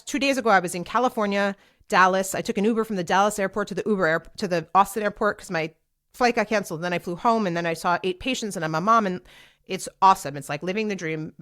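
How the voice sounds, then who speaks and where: Speaking straight to the camera for a video podcast, a woman in her forties, a podcast host and DJ, runs a casual solo show. Her slightly low voice rambles along in a lively, animated way, packed with "like," "um" and quick restarts.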